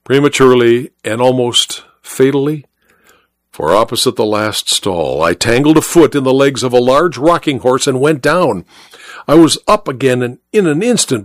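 A man reading a first-person story in a wry, measured way. His pitch moves a lot, giving an animated read. The recording is dry and close, with no room. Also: dry recording. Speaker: audiobook narrator.

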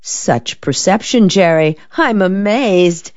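A woman's voice: mid-range voice, expressive, slow, a little mellow, dry recording, highs cut off, pitched above the performer's own voice. A woman voicing a teasing, evasive young woman. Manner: mocking, drawling.

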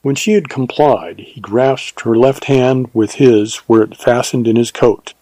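A man narrating a western novel as an audiobook, in a measured storytelling manner on a close studio mic. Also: mid-range voice, dark tone, dry recording, rough recording.

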